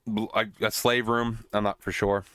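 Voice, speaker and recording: A man's voice: fairly low pitch, little pitch movement, moderate pace, sharp tone, clear, resonant tone, no room sound. A man hosting a podcast, casually recapping a film in a rambling way with many restarts. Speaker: podcast host.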